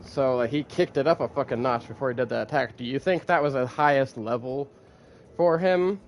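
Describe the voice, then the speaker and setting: A laid-back man hosts a casual podcast, cursing freely and chuckling between thoughts. His voice sits at an ordinary middle pitch. A faint hiss runs under the recording. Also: brisk. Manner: laid-back, swears freely, laughs often. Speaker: podcast host. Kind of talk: casual chat.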